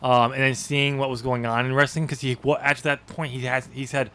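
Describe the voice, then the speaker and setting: A man's voice: medium pitch, level tone, fairly quick, sharp tone, clear, resonant tone. A man co-hosting a podcast in casual chat, rambling with lots of ums and easy laughs. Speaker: podcast co-host.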